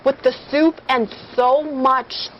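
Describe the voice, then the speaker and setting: A chatty woman with a fairly high voice hosts a relaxed live meal, laughing and talking while she eats. The sound is a little dull, with faint noise behind her. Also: takes it slowly. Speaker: host. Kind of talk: casual live food chat. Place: indoors at a restaurant table.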